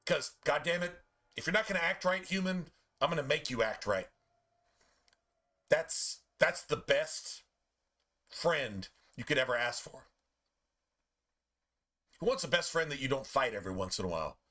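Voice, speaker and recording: A man chatting casually while streaming a game, telling profane, animated stories about his pets. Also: on the high side, moderate pace, pauses often. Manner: animated, profane storytelling with playful put-on pet voices.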